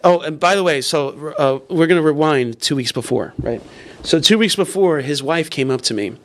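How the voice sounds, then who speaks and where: A man's voice: fairly high pitch, lively intonation, normal speed, fairly bright tone. Rambling comedian man telling a story. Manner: rambling with many restarts and swearing. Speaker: comedian guest. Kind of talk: casual storytelling.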